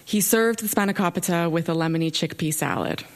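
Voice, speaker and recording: A young woman telling a wry personal story to a live audience from a stage, with expressive delivery. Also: on the low side, a little fast. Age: young adult.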